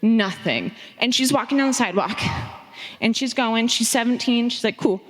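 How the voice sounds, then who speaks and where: Young woman from phoenix telling a story on stage, swears a ton, acts out the quotes, kinda high voice, big hall echo. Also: moderate pace. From Phoenix, Arizona. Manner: animated, profane, acting out quotes. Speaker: audience member sharing a story on stage. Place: large theater stage. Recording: long theater reverb.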